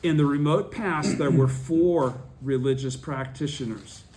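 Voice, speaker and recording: A man's voice: mid-range voice, unhurried, darkish tone, a little hiss or hum. A man leading a study group, reading a text aloud and explaining it, often checking that his listeners follow.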